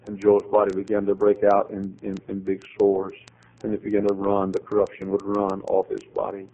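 A man preaching a sermon, telling a story with acted dialogue and swings to loud, high emphatic climaxes. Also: monotone, normal speed, lo-fi sound.

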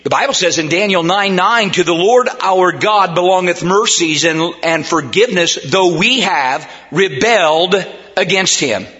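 Unhurried, a pastor delivers a sermon in a church sanctuary, his voice high and bright, alternating quiet, hushed passages with emphatic shouting. The audio is muffled and lo-fi.

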